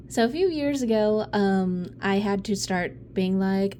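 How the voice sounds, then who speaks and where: A woman's voice: medium pitch, expressive, measured pace, few pauses, mellow, slight background noise. A woman giving a casual tarot reading, blunt and profane, rambling with laughs and sighs. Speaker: tarot reader.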